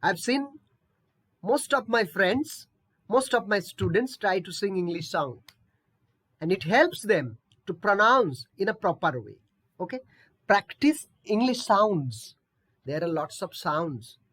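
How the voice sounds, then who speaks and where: A woman's voice: mid-range voice, sing-song, takes it slowly, fairly bright tone, slightly rough. A woman teaching English pronunciation in an online lesson, patiently repeating words and checking in with "okay?".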